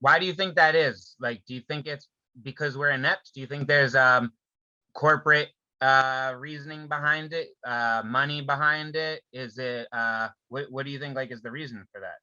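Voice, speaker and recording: A man's voice: mid-range voice, normal speed, pushed and bright, clear, resonant tone, dry recording, lo-fi sound. A man co-hosting a podcast, talking casually and loosely with fillers, asking pointed questions. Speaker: podcast co-host. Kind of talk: casual chat.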